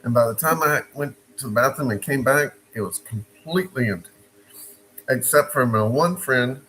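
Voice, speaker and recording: Man, mid-pitched, casual animated storyteller who repeats himself; faint background noise. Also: moderate pace, poor audio.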